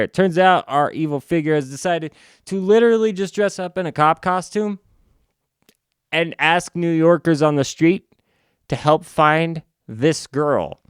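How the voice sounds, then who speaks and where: Halting, sarcastic man recapping a comic. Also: fairly high pitch, clear, resonant tone, dry recording, clean studio sound. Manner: halting, restarts, sarcastic asides. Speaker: comic book reviewer. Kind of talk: casual recap.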